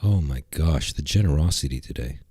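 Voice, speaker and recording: A man streaming live, chatting brashly and excitably to his viewers and reading out gifts. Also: a bass voice, fairly quick, slightly rough, dry recording. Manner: brash, excitable, talks to chat. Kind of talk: casual livestream chat.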